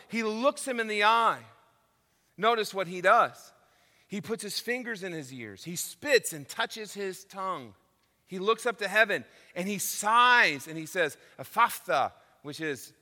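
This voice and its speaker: A male pastor with a high, bright, ringing voice delivers an emphatic sermon. He swings from hushed, intimate lines to loud declarations. The sound carries the long reverb of a large church hall.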